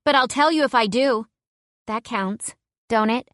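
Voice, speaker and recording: A woman's voice: a little high, unhurried, fairly bright tone, no room sound, clean studio sound, pitched above the performer's own voice. A woman reading the part of a broke, weary young woman who talks in a sassy drawl. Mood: wry. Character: broke, weary young woman stuck in a small town, brassy.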